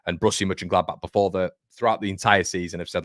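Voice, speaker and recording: A man hosts his own football fan channel, talking emphatically and throwing in jokes as he goes. His voice sits low, and it is recorded close and dry. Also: level tone, fast talker, fairly bright tone, no room sound. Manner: chatty, emphatic, joking asides. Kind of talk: casual football commentary to camera.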